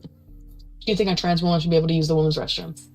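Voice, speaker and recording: A woman's voice: low voice, little pitch movement, fast, darkish tone, soft background music, poor audio. Blunt slangy woman co-host. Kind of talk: casual livestream chat.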